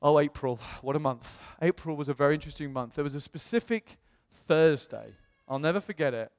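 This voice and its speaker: A man preaching in a chatty storytelling manner, his voice sitting a little high. He slips into lively voices when he quotes people. The sound carries a long reverb from a large hall. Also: fairly quick. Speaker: pastor. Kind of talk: sermon.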